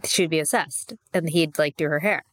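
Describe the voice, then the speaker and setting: A woman co-hosting a casual gossip podcast, curious and quick with questions. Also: sits low, no room sound, studio quality. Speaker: podcast co-host.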